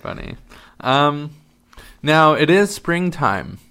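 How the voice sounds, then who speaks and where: A man's voice: on the high side, sing-song, takes it slowly, bright, forceful tone, clean tone. A man hosting a casual chat, playful and punning, laughing easily.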